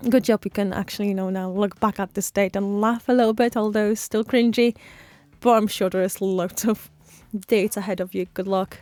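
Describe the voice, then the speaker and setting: A woman's voice: medium pitch, steady tone, a little fast, a little mellow, dry recording. A woman giving casual reaction commentary in a sympathetic, chatty, giggly way. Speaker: reaction video host.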